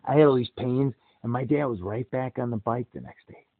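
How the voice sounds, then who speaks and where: A middle-aged man holds the floor in a relaxed conversation, telling his stories with plenty of energy. He keeps breaking into high, acted-out voices for the people he quotes. The sound is thin and phone-like, with no room in it at all. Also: brisk, no echo. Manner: animated storyteller, acts out quoted voices with big jumps. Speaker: podcast host. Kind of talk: casual storytelling chat. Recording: tinny phone-like dry sound.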